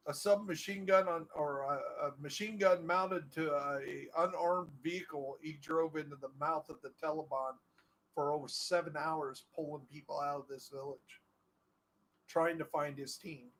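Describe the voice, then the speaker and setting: Middle-aged guy streaming a game, kinda high voice, rambling with lots of ums, faint room hum. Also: steady tone, normal speed, fairly bright tone, low-quality recording. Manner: rambling, full of fillers and restarts. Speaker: gaming streamer. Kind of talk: casual storytelling while playing a game.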